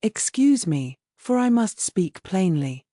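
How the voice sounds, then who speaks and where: A woman's voice: mid-range voice, sing-song, slow, warm tone, dry recording, studio quality. A woman reading as an earnest young woman. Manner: earnest, pleading.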